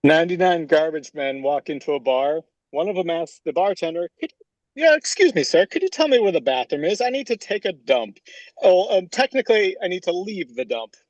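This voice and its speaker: A man taking turns telling quick bar jokes in an online improv game, with halting delivery. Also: on the high side, animated, darkish tone, dry recording. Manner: halting, many fillers and restarts. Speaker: improv player. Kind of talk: casual joke telling.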